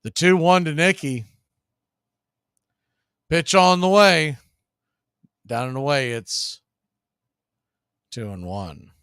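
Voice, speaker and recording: A man hosting a casual baseball play-by-play stream, chatting between pitches. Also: takes it slowly, pauses often, clear, resonant tone, no room sound, clean studio sound. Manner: relaxed, chatty, drifting into betting talk. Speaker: play-by-play announcer and show host.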